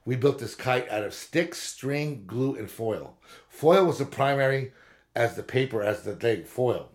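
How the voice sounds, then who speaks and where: With a mid-range voice and an unhurried delivery, this podcast co-host is a man in his fifties from Southern California. He chats casually, spinning lengthy, meandering, profane tales.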